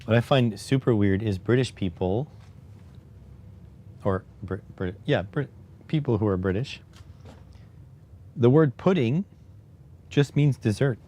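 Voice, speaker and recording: A man's voice: medium pitch, unhurried, long pauses, dark tone. A man chatting casually on a live stream while he builds electronics, rambling and joking at his own expense. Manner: rambling, joking, self-deprecating.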